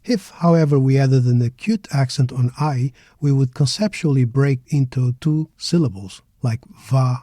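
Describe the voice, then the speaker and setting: A middle-aged man teaching a pronunciation lesson, slowly modeling words syllable by syllable. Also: medium pitch, dark tone, no echo, clean studio sound. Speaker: language teacher. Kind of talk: slow, careful pronunciation lesson.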